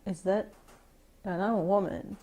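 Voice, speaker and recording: A woman's voice: mid-range voice, steady tone, measured pace, mellow, husky. A woman co-hosting a podcast, giving sarcastic, profane commentary that she keeps stopping to restart. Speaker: podcast co-host. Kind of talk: casual ranting commentary.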